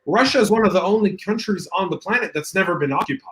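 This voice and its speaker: Opinionated man, a bit high-pitched. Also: animated, fairly bright tone, low-quality recording. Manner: opinionated, quick and joking. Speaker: podcast co-host. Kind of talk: casual online show chat reading viewer comments.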